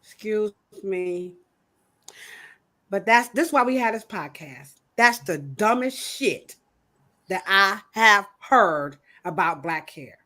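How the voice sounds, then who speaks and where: Woman, podcast host, casual chat, bright tone, emphatic joking rants. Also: medium pitch, expressive, takes it slowly.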